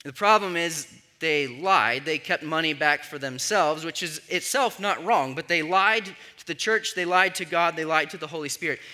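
Guy preacher, pretty high voice, super bright and sharp, chatty teaching sermon, keeps saying right?. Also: moderate pace, hardly any pauses. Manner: conversational teaching with frequent "right?" check-ins. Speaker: pastor.

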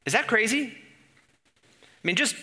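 Guy preaching a sermon, lively, asks the crowd stuff, bright ringing voice. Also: mid-range voice, moderate pace. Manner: animated, rising to emphatic peaks with rhetorical questions.

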